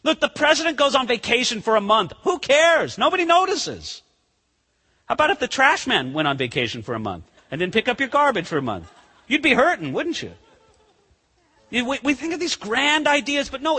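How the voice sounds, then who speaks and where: Man, pastor, conversational sermon, bright husky voice, long hall reverb. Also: sits high. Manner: animated, conversational, acts out scenes.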